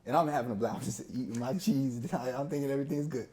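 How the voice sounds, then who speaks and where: A man, a podcast guest, telling a personal story in a relaxed, conversational way. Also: mid-range voice, fast talker, slight background noise. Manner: relaxed, conversational, acts out both sides of a talk. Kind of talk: casual storytelling.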